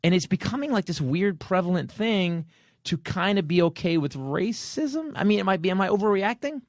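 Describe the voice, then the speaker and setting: A man's voice: high voice, normal speed, dry recording, studio quality. A middle-aged man hosting a comedy podcast, telling stories in casual talk and acting out what his friends said. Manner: animated storytelling, acts out quoted friends. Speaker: podcast host.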